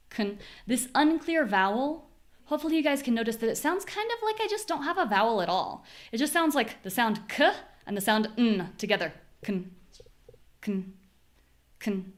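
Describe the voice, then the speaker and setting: A young American woman teaching a live online pronunciation class, clearly drilling syllables and explaining word stress. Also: on the high side, fairly bright tone. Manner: clear, demonstrative, repeats syllables slowly for drills.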